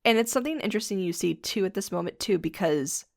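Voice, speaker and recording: A woman's voice: medium pitch, quick pace, creaky, darkish tone, no echo, clean studio sound. A woman co-hosting a podcast, summarizing a film casually and chiming in with "yeah" often. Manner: chatty summarizing with frequent "yeah" agreement. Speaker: podcast co-host.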